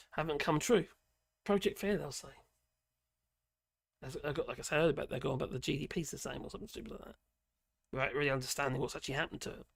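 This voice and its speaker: A croaky, hoarse man rambling through opinionated political commentary on a live stream. His voice sits a bit high for a man and is heavy with gravelly fry. He talks casually and haltingly, full of fillers and colloquial asides. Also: fairly bright tone.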